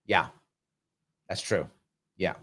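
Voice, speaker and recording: A man's voice: deep voice, expressive, takes it slowly, fairly bright tone. A man hosting a live ask-me-anything show, answering viewer comments and telling a travel story in an emphatic, conversational way. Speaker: livestream show host.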